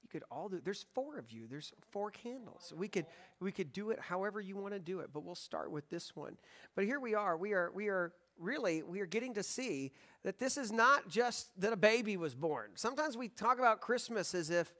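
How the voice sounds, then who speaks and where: A man in his thirties with a high, light voice leads worship as pastor. He talks to the congregation in a relaxed, joking way. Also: moderate pace. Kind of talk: sermon. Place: church sanctuary.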